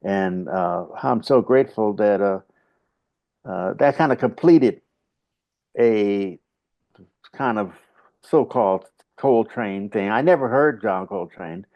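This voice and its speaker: A male saxophonist giving a video call interview, talking in a rambling, halting way with many fillers, now and then humming little grunts. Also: fairly low pitch. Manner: hums little grunts to illustrate. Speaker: saxophonist and bandleader, interview guest. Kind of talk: casual reflective storytelling. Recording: dull lo-fi video call audio.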